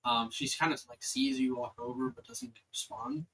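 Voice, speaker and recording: Young man, dungeon master, lively rising-falling voice, rambling fillers, faint background noise. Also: medium pitch, normal speed, creaky, poor audio. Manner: rambling, many fillers like "like" and "kinda". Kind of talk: narrating a tabletop game.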